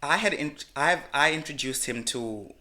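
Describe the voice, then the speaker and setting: A man, co-hosting a podcast and telling a personal story in frank, animated casual chat. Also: on the high side, moderate pace. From Malawi. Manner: animated, frank storyteller who swears freely. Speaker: podcast co-host.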